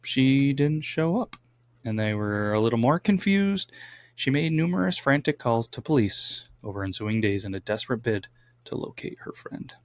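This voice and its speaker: A man's voice: medium pitch, lively intonation, moderate pace. A man co-hosting a casual true crime podcast, reading out the case and adding wry asides. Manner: reads case notes, adds wry asides. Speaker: podcast co-host.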